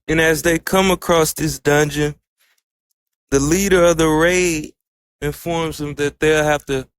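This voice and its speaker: A man's voice: on the high side, clear, resonant tone, no echo. A man giving a casual, loosely phrased spoken recap of an anime episode, as the channel's reviewer. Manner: loose, conversational storytelling with "like" fillers.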